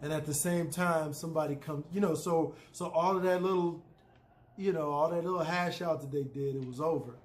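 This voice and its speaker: A man's voice: on the high side, steady tone, brisk. Chatty man rambling through a recap. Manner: loose, chatty, opinionated, frequent "you know" and "man". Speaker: TV episode recapper.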